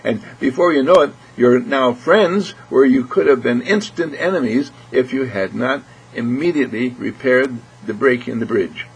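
Guy preaching about love, earnest and repetitive, keeps clearing his throat, faint hum behind. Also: medium pitch, rough recording. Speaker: spiritual speaker. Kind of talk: inspirational spiritual talk.

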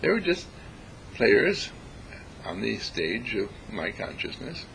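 A man giving a reflective spiritual talk, deliberate and emphatic, repeating phrases to stress them. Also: lowish voice, very animated, vocal fry, noisy background. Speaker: spiritual speaker.

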